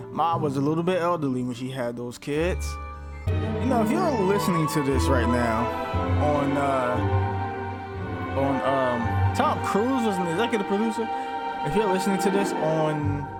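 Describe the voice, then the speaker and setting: A man chatting casually through a movie reaction, cracking jokes and arguing with the characters on screen. His voice swings a lot in pitch, from low mutters to mock screams. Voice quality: jokey, talks back to the screen, bursts into mock screams. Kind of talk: casual chat over a movie.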